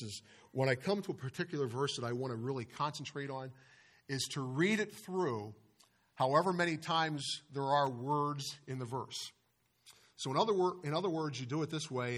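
A man delivers a Sunday sermon into a microphone in a church. His voice sits in an ordinary middle pitch, and he leans hard on one word at a time before sinking low again. He often breaks off and restarts his sentences. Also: fairly bright tone. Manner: preaching with emphatic stresses and pauses, many restarts. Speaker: pastor. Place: church sanctuary. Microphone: microphone over a speaker system.

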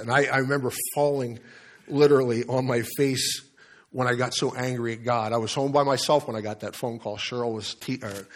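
Candid pastor telling a story. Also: male voice, mid-range voice, fairly bright tone. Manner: candid, conversational storytelling with restarts. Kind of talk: sermon with personal story.

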